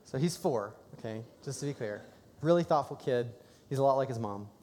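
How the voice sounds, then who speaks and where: Man, pastor, conversational sermon, excited bursts, church service, long hall echo. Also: mid-range voice, brisk.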